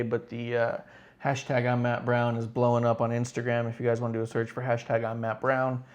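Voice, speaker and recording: A man co-hosting a casual wrestling talk show, recapping in an animated way and jumping into exaggerated high voices to mimic people. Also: lo-fi sound. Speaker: podcast co-host. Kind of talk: casual chat.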